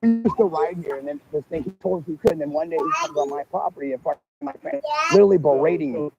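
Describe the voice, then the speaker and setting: Over loud music and outdoor noise, a property owner walking his rural land gives an agitated livestream statement on a handheld phone, and the recording is muffled. He talks fast in a fairly high voice with vocal fry, rambling, swearing, and restarting often.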